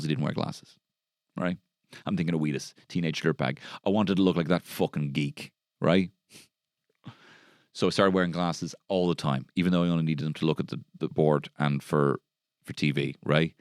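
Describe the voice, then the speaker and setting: A man's voice: rumbling low, fairly even intonation, brisk, dry recording, clean studio sound. A man with an Irish accent hosting a solo comedy podcast, rambling and sardonic, swearing freely. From Ireland. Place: podcast studio.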